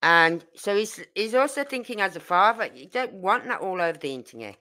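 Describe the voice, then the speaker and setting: A woman's voice: mid-range voice, sing-song, a little fast, pushed and bright. A woman hosting a true crime livestream, rambling and indignant as she reads out viewer comments. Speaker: true crime channel host. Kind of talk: casual livestream chat.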